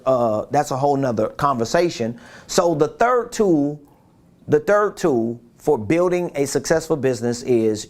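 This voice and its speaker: A man giving a business coaching talk, emphatic and repeating his key points, who acts out quotes in different voices. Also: on the high side.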